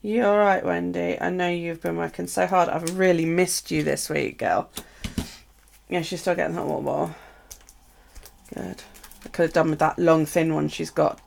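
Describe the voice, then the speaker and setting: A woman's voice: fairly low pitch, steady tone, normal speed, creaky, darkish tone, slight background noise. A middle-aged woman with a British accent, chatting casually to viewers while unboxing craft supplies and gushing over them. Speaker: craft live streamer.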